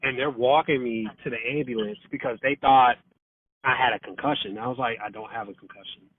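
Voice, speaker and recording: A man's voice: medium pitch, fairly even intonation, fairly quick, husky, dry recording. A man in casual storytelling over the phone, swearing freely, using lots of fillers and acting out quotes. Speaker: podcast guest. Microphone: phone call. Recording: tinny dry phone line.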